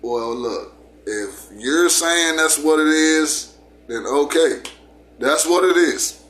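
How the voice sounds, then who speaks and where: A man doing a calm lion king passing judgment. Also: fairly high pitch, slow pace, echoey room, pitched above the performer's own voice. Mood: dismissive. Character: calm male lion king judging a dispute.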